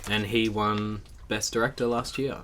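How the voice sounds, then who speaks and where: A man's voice: on the low side, fairly even intonation, normal speed, background noise. A young man co-hosting a casual podcast, rambling through anecdotes and laughing often. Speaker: podcast co-host. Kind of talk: casual chat.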